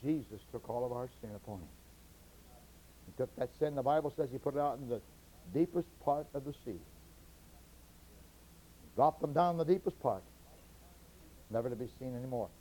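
A man preaching a sermon to his congregation, moving between quiet teaching and loud, fervent passages where he stretches key words. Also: mid-range voice, normal speed, pauses often, slight background noise, low-quality recording.

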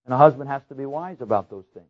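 A male pastor delivers a sermon in an earnest, storytelling way. His pitch sits mid-range for a man and jumps upward when he stresses a point, and he circles back to repeat key phrases. The recording is thin and tinny, like a phone line. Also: rapid-fire. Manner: storytelling with lively rises in pitch.

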